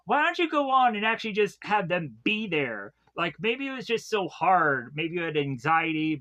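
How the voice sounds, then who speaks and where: A man's voice: sits high, sing-song, moderate pace, pushed and bright. A man giving a rambling, casual episode recap, laughing often and swearing freely. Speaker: episode reviewer.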